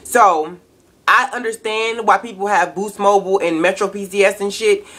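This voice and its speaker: A woman's voice: medium pitch, steady tone, normal speed, a bit bright. A young woman, ranting angrily and profanely in a casual webcam vlog. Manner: angry, profane, emphatic ranting. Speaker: vlogger.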